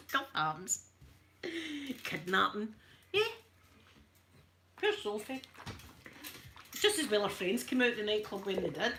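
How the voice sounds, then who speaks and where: A woman's voice: medium pitch, very animated, slow, pauses often, bright, forceful tone, slight background noise. A middle-aged Scottish woman chatting casually while ironing, rambling from one story to the next. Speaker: ASMR creator.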